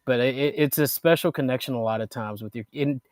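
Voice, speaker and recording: A man chats on a podcast, reflective and unhurried, restarting his sentences as he finds the words. His voice sits close and dry on the mic. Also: medium pitch, a little mellow, no echo. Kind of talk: casual podcast talk.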